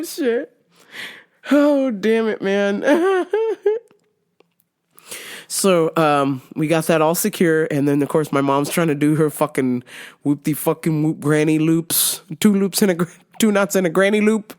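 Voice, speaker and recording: A woman's voice: low-pitched, moderate pace, darkish tone. A woman hosting a podcast, telling a story casually, swearing freely and laughing often as she talks. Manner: profane, laughing through her story. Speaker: podcast host.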